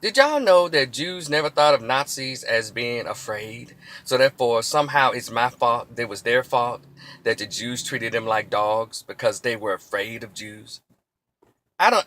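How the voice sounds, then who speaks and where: A man delivering a heated, preachy opinion monologue as a commentator. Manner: heated, preachy, mocks quoted cops in a shrill yell.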